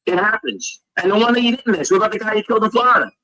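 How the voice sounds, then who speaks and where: A man's voice: high-pitched, racing, bright, forceful tone, no room sound, rough recording. A man in a played clip, chatting casually, reassuring a friend in a streetwise way. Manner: reassuring, repeats "bro", streetwise. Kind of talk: casual chat.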